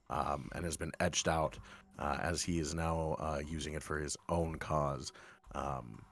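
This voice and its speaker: Low-voiced guy at a tabletop game, lots of ums, dry close mic. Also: no room sound. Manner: relaxed, halting with many ums. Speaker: player. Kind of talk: casual tabletop game chat.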